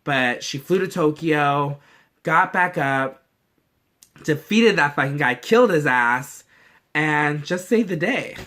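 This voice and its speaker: A man's voice: fairly high pitch, lively intonation, takes it slowly, a bit bright. A young man chatting casually in a vlog, gushing and swearing freely as he acts out quoted lines. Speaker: vlogger reacting to a movie trailer. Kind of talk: casual chat.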